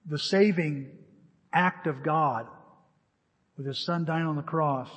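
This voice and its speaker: A man preaching in a church hall, his slightly high and husky voice carrying a long reverb. He tells a story animatedly, acting out both sides of the phone calls. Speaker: pastor. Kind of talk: sermon.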